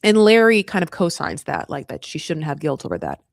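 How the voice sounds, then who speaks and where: A man's voice: fairly high pitch, huge pitch swings, brisk, no echo, studio quality. A man hosting a casual reality TV recap. He talks in a sassy, blunt way, swears freely and acts out other people's lines in a raised voice. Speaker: TV recap host.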